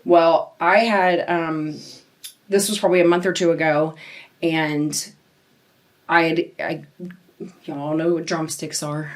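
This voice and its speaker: A woman's voice: low-pitched, slow pace, pauses often. A woman hosting a casual podcast chat, telling stories with lots of laughter. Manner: animated storyteller, laughs often. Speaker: podcast host.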